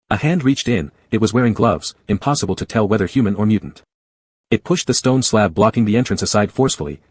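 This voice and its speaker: Low, husky male audiobook narrator. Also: a little mellow, dry recording. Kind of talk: scripted narration.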